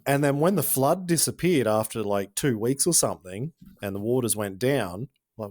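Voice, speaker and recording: A man with an Australian accent hosting a podcast, telling stories in a chatty, joking and animated way. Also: mid-range voice, moderate pace, hardly any pauses, no echo, clean studio sound. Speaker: podcast host. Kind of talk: casual chat.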